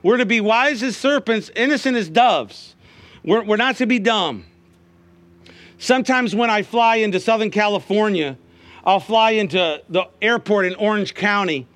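Bright high-voiced male preacher. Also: normal speed, dry recording. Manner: folksy storytelling, calls out "Amen?" to the congregation. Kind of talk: sermon.

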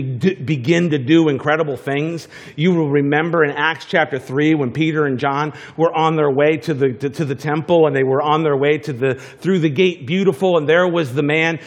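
A man's voice: on the high side, fairly even intonation, moderate pace, few pauses. A man preaching a conversational sermon, chatty and full of restarts and asides. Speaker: pastor.

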